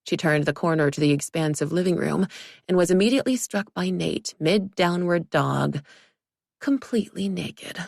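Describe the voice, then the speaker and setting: Brief: woman narrator, wry and dry, low gravelly voice, close and dead-dry recording. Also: normal speed, dry recording. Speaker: audiobook narrator. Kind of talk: audiobook narration.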